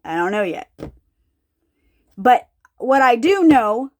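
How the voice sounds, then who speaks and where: A woman's voice: on the high side, very animated, takes it slowly, darkish tone. A woman preaching an informal sermon, thinking aloud, often repeating herself and asking her listeners questions. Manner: searching, repeats herself, asks the audience questions.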